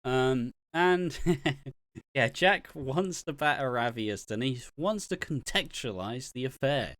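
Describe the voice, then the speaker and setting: A man chats through a soap opera recap, laughing easily and often restarting his sentences. His voice sits at an ordinary middle pitch. The sound is dry and close. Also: expressive, takes it slowly, fairly bright tone, dry recording. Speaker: podcast co-host.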